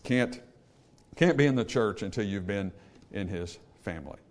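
Animated Baptist preacher with lively pitch. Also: male voice, moderate pace. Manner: emphatic preaching, rising to loud peaks then dropping low; calls for amen from the congregation. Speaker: Baptist pastor. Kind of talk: sermon.

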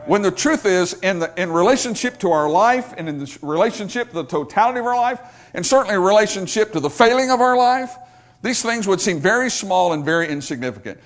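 Male preacher mid-sermon: high-pitched, hugely animated delivery, repeating phrases and dropping to a hush. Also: fast talker. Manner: emphatic and repetitive, swinging from loud to hushed.

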